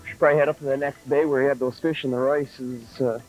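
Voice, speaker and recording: A man on a boat chatting about where to find bedding bass in the shallow water. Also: fairly even intonation, fast talker, darkish tone, faint music behind, low-quality recording. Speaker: tournament angler. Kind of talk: casual on-water fishing talk. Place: on a boat outdoors on a lake.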